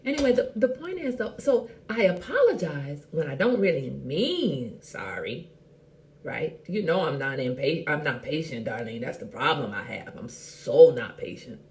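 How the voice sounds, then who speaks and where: A woman hosting a casual live chat show, talking in a sassy, animated and blunt way and greeting viewers by name. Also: sits low, normal speed. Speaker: host.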